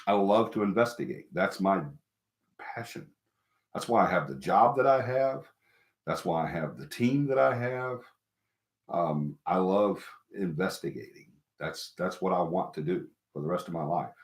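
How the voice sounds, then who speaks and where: A man's voice: deep voice, lively intonation, normal speed. A middle-aged man hosting a casual live stream, talking to viewers in a rambling, emphatic way and repeating himself. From American South. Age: middle-aged or older. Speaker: host of a paranormal live stream. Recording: echoey room.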